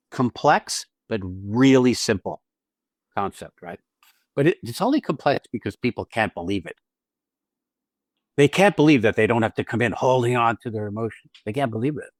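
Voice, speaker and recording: A man with a medium-pitched voice, recorded with no echo, co-hosts an acting podcast and teaches acting. He breaks down technique in casual conversation that's blunt and profane, punching key points and restarting phrases.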